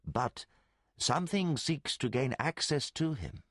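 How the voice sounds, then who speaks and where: A man's voice: mid-range voice, animated, measured pace, fairly bright tone, no room sound, clean studio sound. A man voicing a formal old priest speaking in grave, solemn sentences.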